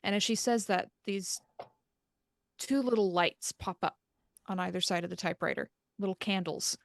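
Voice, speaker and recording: A woman game master narrating a tabletop horror game with measured, atmospheric storytelling. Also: mid-range voice, creaky.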